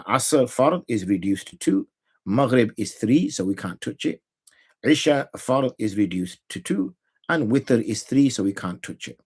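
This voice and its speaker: A man's voice: mid-range voice, darkish tone, husky. A middle-aged man with a British accent teaching Islamic law in a conversational, explanatory way, mixing in Arabic terms, speaking from his study. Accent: British English. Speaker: Islamic scholar teaching jurisprudence. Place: home study with a library.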